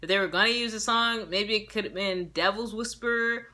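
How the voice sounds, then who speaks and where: A young woman recaps a show episode in a loose, chatty way, sassy and animated, and she drops slang as she goes. Her voice is bright and forward, sitting at an ordinary pitch for a woman. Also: normal speed. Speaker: show reviewer. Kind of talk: casual video recap.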